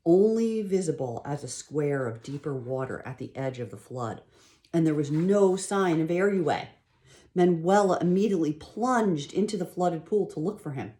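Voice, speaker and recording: A woman reading a children's novel aloud at home in a plain, unpolished way, stopping now and then to correct herself or add a quick aside. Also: sits low, animated, mellow. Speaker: storybook reader.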